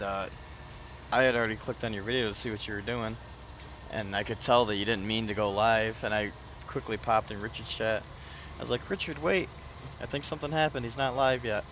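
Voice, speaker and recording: A man hosting a casual live stream, chatting with viewers by name and laughing often. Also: on the low side. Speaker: livestream host. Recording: background noise.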